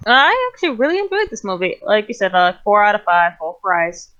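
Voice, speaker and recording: A woman's voice: medium pitch, very animated, a little fast, a bit bright. A woman co-hosting a casual movie review chat, blunt and nitpicky, swearing casually. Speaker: podcast co-host. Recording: slightly dull lo-fi mic.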